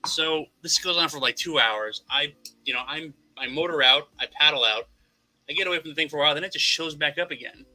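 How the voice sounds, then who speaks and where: A man's voice: on the high side, brisk, sharp tone, soft background music, poor audio. A man telling a long story in a casual podcast chat, rambling and swearing, restarting his sentences again and again. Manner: rambling, lots of repeated restarts, wry and profane. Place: Florida.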